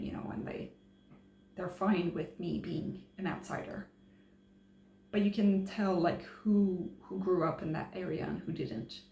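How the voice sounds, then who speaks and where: This woman has a low, gravelly voice with a darkish tone. She's a travel vlogger chatting informally to camera, hesitating often with many fillers and false starts, in a recording with room echo and a faint hum.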